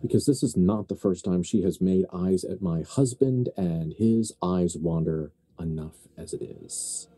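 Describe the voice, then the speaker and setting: A man's voice: a little slow, few pauses. A man voicing an airy-voiced 1950s society wife who hides her fury behind a pleasant tone. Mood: furious. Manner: breathy, bright falsetto-leaning lilt.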